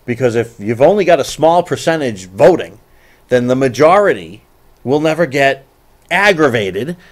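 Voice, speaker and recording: A middle-aged man hosts a live political show and speaks his mind bluntly. He gets animated, stumbles into restarts and repeats himself for emphasis. His voice sits at an ordinary male pitch. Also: moderate pace. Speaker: show host. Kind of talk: live political call-in talk.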